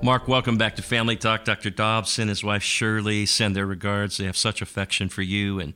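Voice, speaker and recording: A man's voice: fairly low pitch, level tone, fairly quick, pushed and bright, clear, resonant tone, faint music behind. A man co-hosting a radio show, asking long, rambling interview questions.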